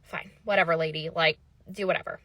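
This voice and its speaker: A woman telling her own story in a casual storytime monologue, animated and exasperated, swearing freely and laughing at the absurd parts. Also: sits low, brisk, no room sound.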